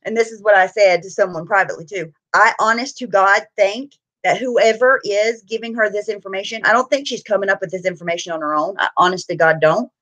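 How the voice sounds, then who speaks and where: A woman's voice: medium pitch, a little fast, hardly any pauses, fairly bright tone. A tired woman hosting a casual live stream, chatting with viewers and greeting them by name.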